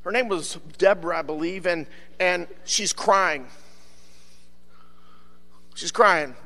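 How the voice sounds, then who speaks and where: A pastor preaches with a high, bright, ringing voice. He swings from quiet storytelling to shouted, rising bursts, and pads his phrases with steady "uh" fillers. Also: slow. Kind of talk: sermon.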